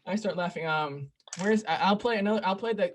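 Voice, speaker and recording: A man's voice: high-pitched, slight background noise. Chatty young man retelling comedy bits. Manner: animated retelling of jokes with quick impressions and laughter. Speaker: podcast host. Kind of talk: casual comedy chat.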